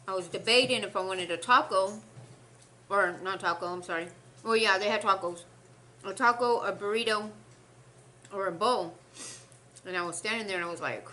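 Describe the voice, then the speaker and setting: A woman's voice: mid-range voice, moderate pace, pauses often, bright, forceful tone, slight background noise. A young woman, rambling through a story between bites on her eating show. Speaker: mukbang host. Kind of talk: casual eating-show chat.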